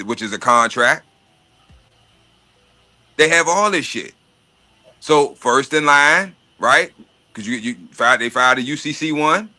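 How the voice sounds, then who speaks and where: A man's voice: medium pitch, bright, forceful tone. A man talking in casual chat about money and estates, profane and streetwise, often repeating words while he searches for them. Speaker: podcast host.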